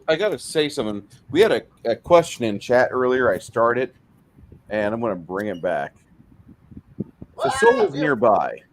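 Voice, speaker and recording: A man in a casual live-stream chat, lively as he steers the panel with a question. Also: medium pitch, a little hiss or hum. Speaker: co-host asking panel questions.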